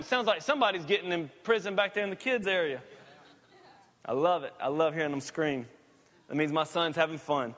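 A high-voiced man preaches a sermon in a casual, folksy way, breaking off for quick jokes. His voice rings with the long reverb of a big church hall. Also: fairly bright tone. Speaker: pastor. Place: church sanctuary.

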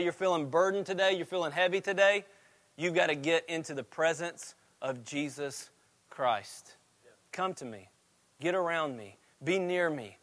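A man preaching a sermon, with a repetitive cadence that swings from quiet and low to loud and rising. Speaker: pastor.

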